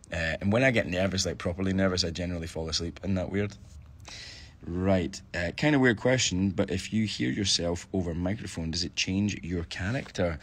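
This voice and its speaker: Deep-voiced Scottish man chatting casually. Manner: chatty, thinks aloud with restarts. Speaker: stage actor answering fan questions. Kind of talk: casual live-stream chat. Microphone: phone live-stream.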